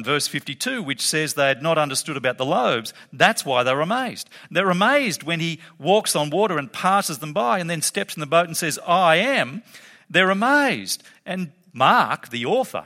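A man delivers a sermon with a high, bright voice that swings widely in pitch. He is emphatic and animated, often laughing. Long reverb from a hall trails each phrase. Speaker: preacher.

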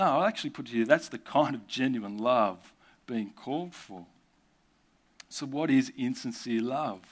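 A man giving a sermon, posing rhetorical questions and tossing in conversational asides. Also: medium pitch. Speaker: preacher.

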